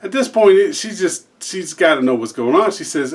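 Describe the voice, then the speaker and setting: A man's voice: on the high side, animated, normal speed. A man who hosts a joke channel, casually telling a long joke with restarts and fillers.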